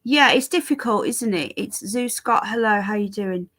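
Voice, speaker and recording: A woman's voice: medium pitch, normal speed, a bit bright. An English woman chatting casually on a live stream, greeting viewers by name while fiddling with her stream settings. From England.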